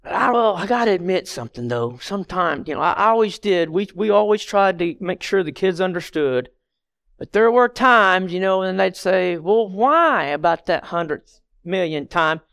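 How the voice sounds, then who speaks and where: A man's voice: high voice, lively intonation, normal speed, vocal fry, fairly bright tone, clean tone, no echo, clean studio sound. A middle-aged man giving a conversational sermon as a lay church member, earnest and plainspoken, talking directly to the congregation.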